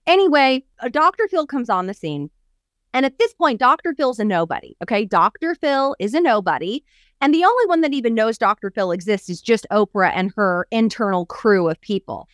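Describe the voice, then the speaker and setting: On a coaching podcast, a woman with a higher voice talks fairly quickly, recorded dry in clean studio sound. Her storytelling is lively, with acted-out quotes and punchy, emphatic lists.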